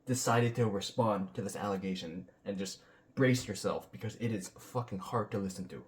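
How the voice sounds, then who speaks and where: A man's voice: lowish voice, moderate pace. Blunt, profane man ranting. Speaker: commentary channel host. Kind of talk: ranting reaction commentary.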